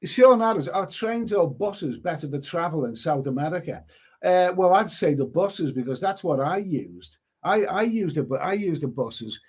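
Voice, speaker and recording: A rambling man hosts a casual live stream and answers viewer comments as they come in. His voice sits a little high for a man and trips over repeated words. The stream audio is dull and lo-fi. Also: lively intonation, moderate pace, darkish tone, husky. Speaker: live stream host reading chat.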